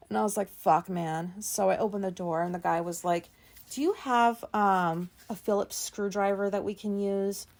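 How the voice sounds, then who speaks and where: Woman, podcast host, halting rambling monologue, self-deprecating, mid-pitched voice. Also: darkish tone. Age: 30s. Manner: halting, full of fillers and pauses.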